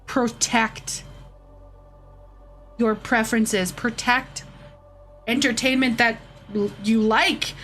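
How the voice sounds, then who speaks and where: A woman's voice: a little high, steady tone, slow pace, long pauses, a bit bright, soft background music. Heated, profane woman ranting on stream. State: drinking shots. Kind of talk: casual livestream rant.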